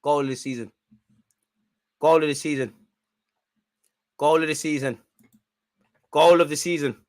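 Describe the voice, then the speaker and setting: A man's voice: on the high side, steady tone, a little slow. A man hosting a live football watch-along, chatting in slangy banter, reacting to the play and often breaking into laughter. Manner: reacts loudly to goals and chances.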